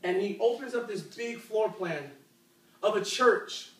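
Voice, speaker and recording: A man delivers a youth sermon like a story told among friends, with lots of fillers and questions to the crowd. His voice sits high for a man. The sound comes from away from the mic and echoes around a big church room. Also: a little slow, a bit bright, distant mic. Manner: conversational, asks the crowd questions, many fillers. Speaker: youth preacher.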